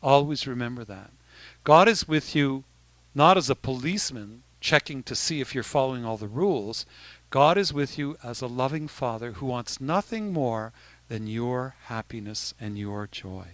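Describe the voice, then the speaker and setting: A man's voice: mid-range voice, expressive, normal speed, fairly bright tone, no echo. A man, a bishop, giving an informal talk to young people, conversational with frequent restarts. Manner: conversational, with many restarts and asides.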